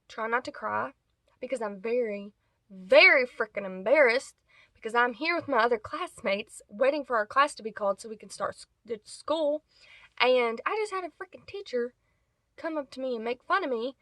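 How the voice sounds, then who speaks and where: A woman's voice: fairly high pitch, animated, normal speed, fairly bright tone, dry recording. A woman telling a casual storytime vlog, rambling and correcting herself as she goes. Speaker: vlogger.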